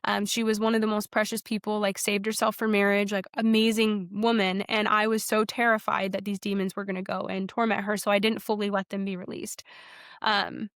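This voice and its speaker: This is a young woman recounting her spiritual story as a podcast guest. She speaks earnestly and loosely, with plenty of fillers and restarts. Her voice sits at an ordinary middle pitch and sounds dry and close, with no room around it. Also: level tone, a little fast, a bit bright, dry recording. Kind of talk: personal testimony in a casual interview.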